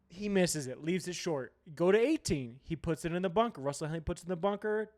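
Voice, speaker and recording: A man hosting a sports podcast, ranting heatedly with plenty of profanity and sudden loud outbursts. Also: fairly high pitch, animated, brisk, hardly any pauses. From United States.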